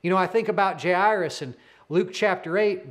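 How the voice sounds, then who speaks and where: A man's voice: high voice, moderate pace, fairly bright tone. A man in his thirties preaching a sermon as pastor, earnest, with repeated declarations.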